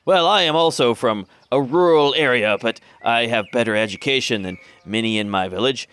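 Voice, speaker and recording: A man voicing a female orc cattle herder who speaks formally and rambles, with hesitant pauses. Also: medium pitch, a bit bright, clear, resonant tone, no room sound, natural voice. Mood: polite, rambling.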